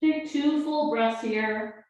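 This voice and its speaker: Calm woman guiding yoga in echo. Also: fairly high pitch, takes it slowly. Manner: calm, gentle cueing of breath and poses. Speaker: yoga teacher. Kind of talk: guided yoga class. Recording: very echoey room.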